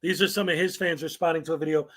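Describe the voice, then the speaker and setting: A man's voice: on the high side, steady tone, rapid-fire, a bit bright. A man hosting a commentary show, reading viewer comments aloud in a sarcastic, mocking way. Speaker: commentary channel host.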